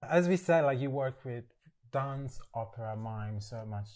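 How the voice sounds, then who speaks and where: A man's voice: medium pitch, expressive, unhurried, a little mellow. A man hosting a casual interview, upbeat and enthusiastic, often saying "like" as he asks questions. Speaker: interviewer, host.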